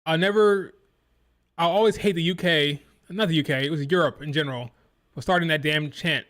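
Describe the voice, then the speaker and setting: A man with a slightly high, somewhat bright voice speaks briskly while hosting a live wrestling watch-along. He reacts in a casual chatty way and mimics crowd chants with a sing-song rhythm.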